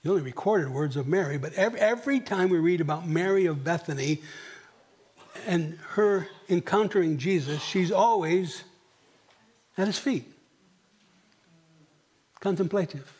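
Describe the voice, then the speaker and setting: A middle-aged male pastor preaching a sermon, swinging from near whispers to emphatic questions and clearing his throat often. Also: high voice, measured pace, pauses often, a little mellow. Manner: dramatic, dropping to near whispers and rising for emphasis; asks the congregation rhetorical questions. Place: church.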